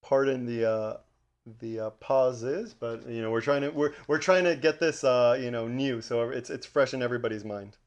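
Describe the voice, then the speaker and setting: A man co-hosting a casual podcast, running a movie trivia game with lively banter and frequent laughter. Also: medium pitch, normal speed. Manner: animated, laughs often, calls his co-host "Twin". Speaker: podcast co-host.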